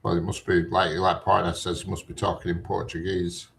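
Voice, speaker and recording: A man's voice: deep voice, level tone, fairly quick, gravelly, a bit bright, slight background noise. A middle-aged man, chatting casually and rambling from one point to the next with plenty of fillers. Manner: rambling, digressive, lots of fillers. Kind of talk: casual chat.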